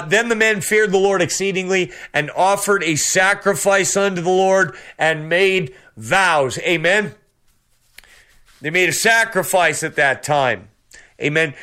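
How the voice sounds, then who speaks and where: A man's voice: sits high, sharp tone, smooth. A man preaching a sermon with fervor, peppering his talk with amens and praise the Lords. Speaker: radio preacher.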